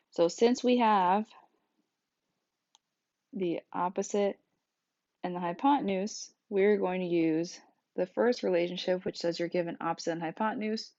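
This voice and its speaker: A woman with a fairly low voice walks through a math lesson one patient step at a time. The recording is dry and a little dull, with no room sound around her. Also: darkish tone, dry recording. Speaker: math teacher.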